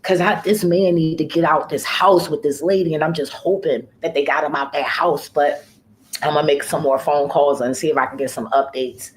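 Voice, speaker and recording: A woman's voice: deep voice, fairly even intonation, normal speed, slight background noise, poor audio. A woman who works as a home care worker, talking casually in a vlog. She tells her story in a profane, rambling way, often trailing off and starting over.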